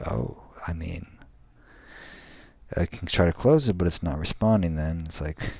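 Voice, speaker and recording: A young man vlogging outside at night speaks in a low, gravelly, slightly mellow voice, animated but a little slow, pausing often. There's no echo. He rambles in a laid-back manner, full of fillers and restarts, and swears casually at times.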